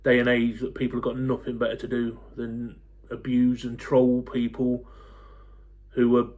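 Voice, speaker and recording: A man in his forties, talking to camera in a blunt, fed-up rant, swearing freely and pausing on lots of ums. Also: medium pitch, monotone, phone-quality sound. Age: 40s. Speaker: football fan YouTuber.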